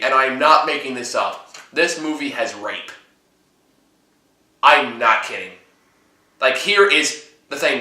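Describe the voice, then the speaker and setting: Bright loud guy ranting and laughing, cussing a lot, echoey room. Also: on the high side. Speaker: host. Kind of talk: casual movie review chat.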